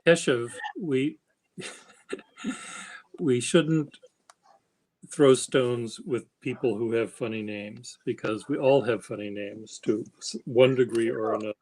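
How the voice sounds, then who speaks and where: A man hosting a casual stream chat, speaking slowly and haltingly in a flat, even tone. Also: mid-range voice, low-quality recording. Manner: slow, halting, self-described monotone. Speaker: stream host.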